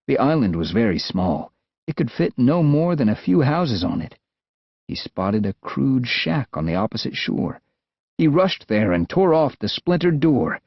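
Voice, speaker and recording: A man with an American accent narrating an adventure audiobook in a lively, expressive way. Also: mid-range voice, no room sound. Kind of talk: scripted narration. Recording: dull, dry studio sound.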